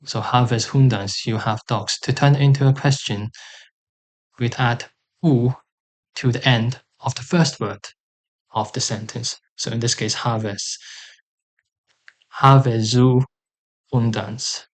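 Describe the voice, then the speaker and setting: A man teaching a language lesson, sounding out example words slowly and carefully, with pauses and fillers. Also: mid-range voice, steady tone.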